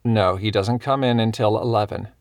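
A man's voice: lowish voice, fairly even intonation, moderate pace, dry recording, studio quality, lightly acted. A man voicing a polite young bookshop owner who speaks in a mild, easygoing way.

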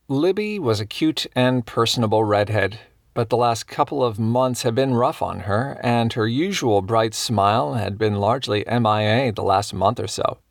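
A man narrating a cozy mystery audiobook in a measured, even manner. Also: on the low side, vocal fry, dry recording, clean studio sound.

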